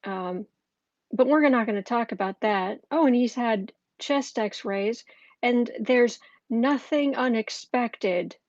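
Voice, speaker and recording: A woman's voice: a little high, slow pace, no room sound, dull audio. A woman hosting a live political tarot stream, talking casually from home with lots of fillers and restarts. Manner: chatty, with frequent fillers and restarts. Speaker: political tarot reader and host. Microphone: camera mic.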